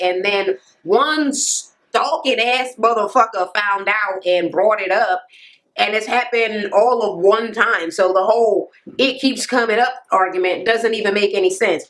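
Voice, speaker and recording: A woman's voice: fairly high pitch, fairly bright tone, poor audio. Blunt, profane woman recapping reality TV. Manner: blunt, profane, retells scenes with quoted voices. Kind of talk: casual recap vlog. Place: home near a police station, helicopter audible. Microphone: camera mic.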